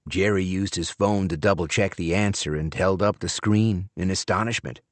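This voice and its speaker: A man narrating an audiobook in the first person, in a measured, expressive storytelling manner. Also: deep voice, dry recording.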